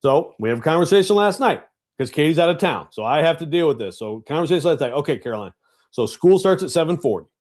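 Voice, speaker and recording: A middle-aged man co-hosting a radio show from home, telling a self-deprecating story with loud, animated outbursts. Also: on the high side, fast. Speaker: radio co-host. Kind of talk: casual sports radio chat. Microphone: home setup on video call.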